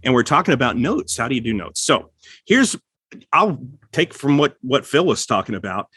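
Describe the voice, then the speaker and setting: A man hosting a casual podcast, giving writing advice and acting out quoted lines with sudden jumps in pitch. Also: big pitch swings, moderate pace, bright, forceful tone, husky, no echo. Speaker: writer and podcast host.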